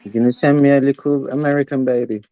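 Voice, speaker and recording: British guy chatting easy with lots of slang, smooth voice, dry dull lo-fi sound. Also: mid-range voice, steady tone, quick pace, no room sound. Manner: laid-back, slangy banter. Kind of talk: casual chat.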